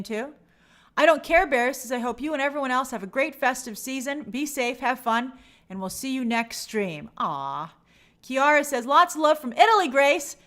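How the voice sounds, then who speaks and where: A woman with a fairly high pitch and a fairly bright tone hosts a livestream, chatting casually and cheerfully reading viewer comments aloud.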